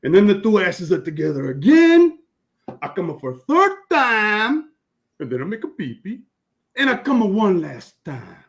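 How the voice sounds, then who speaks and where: A man's voice: high voice, huge pitch swings, normal speed, voice pushed up, full character voice. A man voicing a chatty, crude Italian man in a joke, speaking broken English with a mock Italian accent. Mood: boastful.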